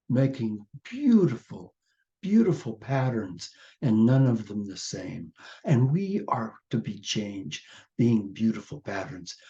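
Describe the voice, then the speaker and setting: A man leads a gentle spiritual reflection, slow and mellow, often repeating his phrases. His voice comes over a video call, so the sound is muffled and lo-fi. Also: medium pitch. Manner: gentle, repetitive, meditative. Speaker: spiritual teacher and host. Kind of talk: sermon-like reflection and reading.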